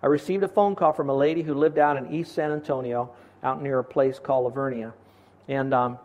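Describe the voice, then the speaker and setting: A man's voice: medium pitch, steady tone, fairly quick, a little mellow. A middle-aged man preaching a sermon as a pastor, earnest and asking his congregation questions.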